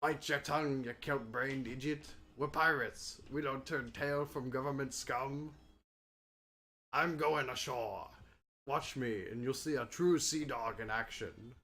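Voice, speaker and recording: A man voicing a gruff, bossy male pirate with drawn-out, growling pirate talk. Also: mid-range voice, pushed and bright. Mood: scornful.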